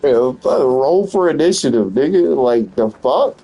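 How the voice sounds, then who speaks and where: A man's voice: mid-range voice, expressive, unhurried, warm tone, low-quality recording. A man streaming a video game and chatting casually, joking and swearing a lot and laughing often. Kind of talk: casual gameplay commentary.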